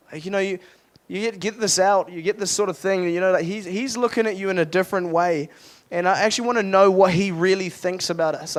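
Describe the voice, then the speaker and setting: A young adult man, a youth pastor, giving a casual, earnest sermon at a retreat with lots of restarts and fillers. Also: high voice.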